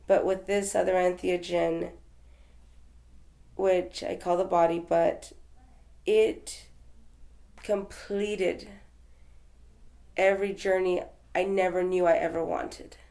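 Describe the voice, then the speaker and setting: A woman's voice: on the low side, flat delivery, slow pace, pauses often, warm tone. A woman from Texas telling her story as an interview guest, in a rambling, conversational way with fillers and restarts. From Texas, USA.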